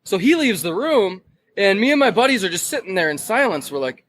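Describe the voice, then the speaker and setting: Guesting on a podcast, a young man from Detroit, Michigan recounts a crazy story, swearing freely and animated throughout, raising his volume when he mimics people yelling. He speaks in a high pitch at a fairly fast clip, and the audio quality is poor.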